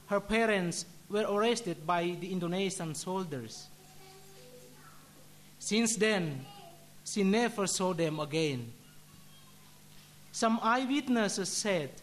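A religious brother delivers a solemn sermon in a measured, deliberate way, recounting a story before closing in prayer. His male voice sits high and sounds a bit bright.

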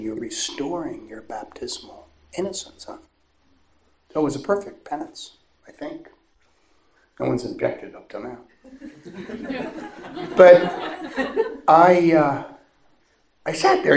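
A man, a priest, preaching by telling a story in a chatty, animated way with bursts of laughter. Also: on the high side, unhurried, pauses often. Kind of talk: storytelling sermon. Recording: echoey room with faint noise.

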